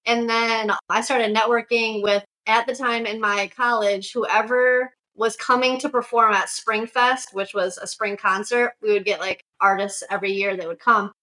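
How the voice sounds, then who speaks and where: This young woman from Syracuse, New York, chats as an interview guest about her shoe business, telling stories and saying "like" constantly. Her voice is a little high and steady, pushed and bright, at normal speed with few pauses. The recording quality is low.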